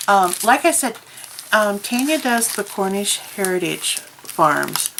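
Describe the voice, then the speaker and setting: A woman's voice: medium pitch, expressive, slow pace, creaky, a bit bright, slight background noise, poor audio. A woman vlogger chatting casually about crafts, telling stories with plenty of ums. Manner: chatty, storytelling with many ums. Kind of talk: casual chat.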